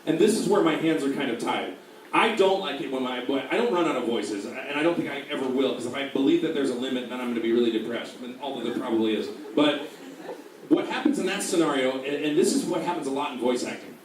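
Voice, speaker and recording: A man's voice: mid-range voice, quick pace. Joking man in a very echoey hall. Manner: rambling, jokey, animated. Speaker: voice actor on a convention panel. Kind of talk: convention panel Q&A. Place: large convention room. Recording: very echoey hall, distant mic, faint noise.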